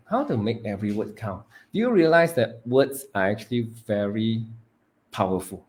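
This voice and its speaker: Animated man coaching public speaking. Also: on the low side, moderate pace. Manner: animated, swings between loud and hushed to demonstrate; emphatic, stretches words for effect. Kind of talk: live training talk.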